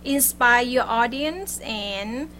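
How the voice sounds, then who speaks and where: A woman hosting a club meeting who chats in halting phrases between speakers. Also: on the high side, bright, forceful tone, a little hiss or hum. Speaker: meeting host.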